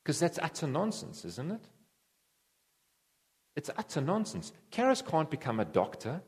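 A man preaching a conversational sermon to a congregation, animated and repetitive, with sudden jumps in pitch. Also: a little slow, husky.

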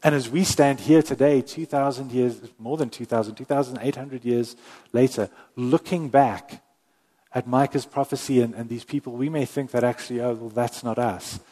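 A man preaching a sermon, earnest, with slow emphatic pauses and the odd self-correction. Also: mid-range voice, fairly even intonation, warm tone. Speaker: pastor. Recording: long hall reverb.

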